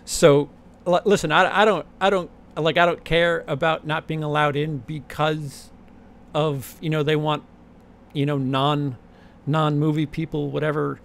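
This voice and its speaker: A young man talks off the cuff to his audience, circling back and restarting sentences as he swears his way through. His voice sits a little high for a man and has a gravelly edge, with a faint hiss of noise behind him. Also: level tone, measured pace, fairly bright tone. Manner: rambling, profane, many restarts. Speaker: channel host. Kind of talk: casual chat.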